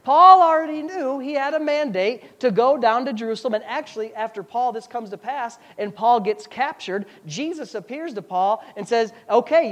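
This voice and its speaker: A man with a high voice preaching a sermon as pastor, emphatic and repeating his points.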